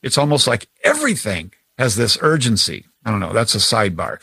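A man's voice: lowish voice, very animated, brisk, gravelly, pushed and bright, breathy edge, no room sound. A man teaching about scripture who explains things conversationally and uses everyday examples.

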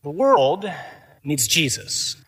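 A man preaching to a conference of men, lively and emphatic, sometimes reading scripture in a mock monotone. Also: on the high side, slow pace, gravelly, a little hiss or hum. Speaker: priest. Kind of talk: conference talk sermon. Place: large conference hall. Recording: echoey conference hall with crowd.

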